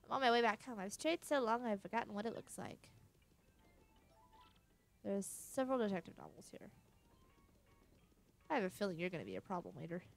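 A woman's voice: mid-range voice, very animated, brisk, creaky, long pauses, faint music behind. A young woman giving casual, wisecracking commentary while playing a video game, with the occasional swear. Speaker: let's play host.

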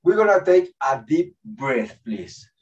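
A man gives a slow, halting spiritual talk in a second language, often pausing to hunt for a word and chuckling between thoughts. He sounds distant from the mic, and the call audio is muffled and lo-fi. His voice sits at an ordinary pitch for a man. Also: very animated. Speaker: spiritual teacher.

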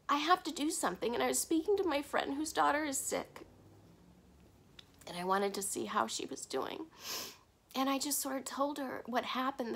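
A woman shares her own story in a personal confessional vlog. Her voice sits high, and she speaks candidly, pausing and restarting her sentences as she works through her thoughts. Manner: halting, candid, with restarts and soft breaks. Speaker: vlogger.

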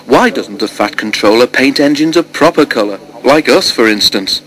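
A man's voice: medium pitch, animated, normal speed, a bit bright, a little hiss or hum, close to an everyday voice. A man voicing Bill, a cheeky young male tank engine who needles the others.

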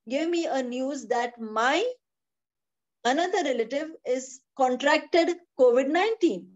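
Woman, Bible teacher on a video call; high, insistent, repetitive, lo-fi sound. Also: unhurried. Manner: emphatic, repeats phrases, asks rhetorical questions. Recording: dull lo-fi video call audio.

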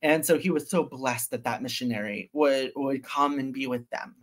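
A man's voice: medium pitch, normal speed. Man telling an intense story. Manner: animated, intense retelling with sudden loud bursts. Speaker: interview guest. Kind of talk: casual storytelling interview.

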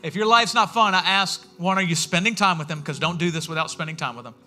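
A pastor preaches in a loose, story-driven way, dropping into little voices for the people he quotes. His voice is high-set and very bright, and soft music sits under it. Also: fast. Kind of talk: sermon. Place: church sanctuary.

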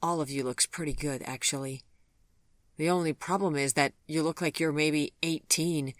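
A man's voice: a little high, fairly even intonation, moderate pace, fairly bright tone, dry recording, close to an everyday voice. A man voicing a sarcastic, worried middle-aged woman in an audiobook, speaking in a teasing, dry manner. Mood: flustered teasing. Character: wry, anxious middle-aged woman, sharp-tongued.

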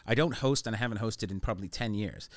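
A man's voice: on the low side, dry recording. A man hosting a comedy podcast in a studio, rambling through stories and jokes. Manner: rambling, joking, quick to laugh.

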